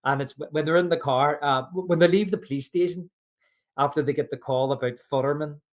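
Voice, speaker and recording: A man's voice: a little high, brisk. A man co-hosting a film podcast, chatting casually and retelling scenes with frequent restarts. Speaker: podcast co-host.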